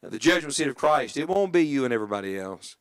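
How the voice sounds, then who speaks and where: A middle-aged man preaching a sermon in church, dropping to an earnest hush and rising to emphatic calls, often asking the congregation questions. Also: medium pitch, very animated, fast. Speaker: evangelist preacher.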